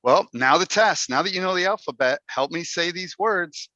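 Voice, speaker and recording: A man's voice: high-pitched, lively intonation, moderate pace, pushed and bright, no room sound. A man giving a playful, humorous talk to a Toastmasters club over a video call, putting on mock dismay as he goes. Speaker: Toastmasters speaker. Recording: dull, dry video call audio.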